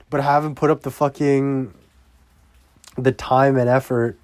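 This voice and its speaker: A young man in a casual video diary, rambling crudely and breaking into loud, profane, exasperated outbursts. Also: mid-range voice, steady tone, takes it slowly, dry recording. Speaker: vlogger.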